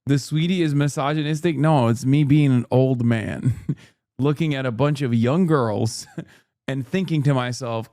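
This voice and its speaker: A man's voice: medium pitch, measured pace, dark tone, dry recording. Musing man streamer, dry sound. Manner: musing, self-questioning, repeats phrases. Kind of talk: casual reaction commentary to chat.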